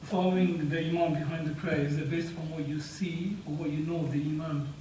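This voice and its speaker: Distant man asking a quick question. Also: on the high side, fairly even intonation, mellow. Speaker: audience member asking a question. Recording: distant, echoey room with faint noise.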